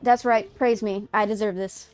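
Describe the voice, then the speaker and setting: Excitable, crisp-voiced woman streamer. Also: medium pitch, moderate pace, faint music behind. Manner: excitable, profane, giggly. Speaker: streamer playing a video game. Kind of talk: casual live-stream chat and reading game text aloud. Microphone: headset.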